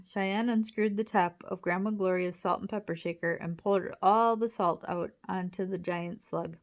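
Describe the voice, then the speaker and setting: A woman reading a children's chapter book aloud with lively storytelling. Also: mid-range voice, normal speed. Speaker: audiobook reader.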